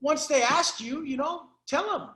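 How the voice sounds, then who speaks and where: A man with a very high voice lays down blunt, profanity-laced coaching on a call. He talks in a preachy, no-nonsense way, and the sound rings around an echoey room. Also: normal speed, pushed and bright. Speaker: life coach.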